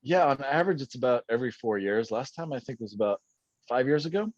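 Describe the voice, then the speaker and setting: A man's voice: mid-range voice, animated, fast, dry recording. A man in his thirties chatting casually as a podcast guest, rambling with many restarts; English is not his first language. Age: 30s. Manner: rambling, frequent restarts and fillers. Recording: dull dry sound.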